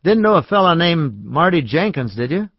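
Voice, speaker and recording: A chatty small-town businessman with a folksy drawl, voiced by a male storyteller. He talks in homespun, easygoing phrases, pitched a little up. The recording is dry and slightly dull, like a close studio read. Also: sing-song, moderate pace, gravelly, breathy edge, no echo, exaggerated voice.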